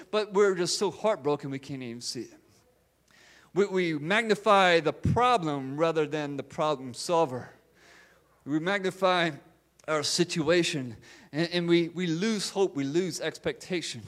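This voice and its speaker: A man with a raised, higher-than-usual voice delivers a sermon. He speaks earnestly, circling back over phrases and restarting his sentences as he works through a point. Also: a bit bright. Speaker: preacher.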